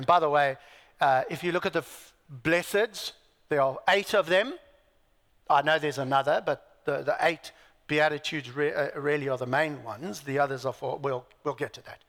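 A man's voice: on the high side, moderate pace, fairly bright tone, in a large hall. A man preaching a sermon, emphatic, asking his listeners rhetorical questions, with dry self-deprecating asides. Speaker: pastor.

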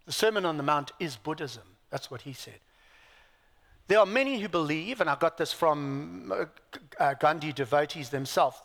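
Male pastor preaching a live sermon, high and very animated, lots of rhetorical questions, reverberant church hall.

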